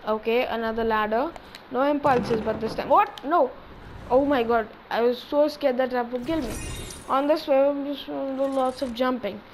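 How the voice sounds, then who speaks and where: A gaming channel host giving excitable live commentary on his own play, talking to himself as he goes. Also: high-pitched, normal speed, a little hiss or hum, rough recording. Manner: excitable, talks to himself while playing.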